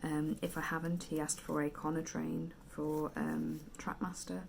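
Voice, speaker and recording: A tired British woman in her thirties, chatting casually to camera as a vlogging mother, often dropping into quiet whispered asides. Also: sits low, level tone, unhurried, creaky, slight background noise. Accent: British English. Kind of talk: casual vlog chat.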